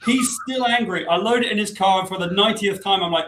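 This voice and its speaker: Guy spinning a funny story, highish voice, roomy echo, faint hiss. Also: fast talker, few pauses, a bit bright. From Britain. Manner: laughing, self-deprecating storyteller. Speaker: guest comic book writer. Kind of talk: animated anecdote telling.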